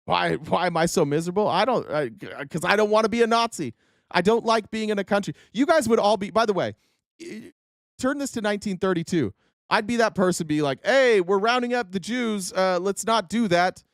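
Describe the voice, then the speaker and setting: A US man in his thirties hosts a live-stream, delivering an angry, profane, repetitive political rant. His voice is high-pitched and a little fast, recorded at studio quality with no room sound.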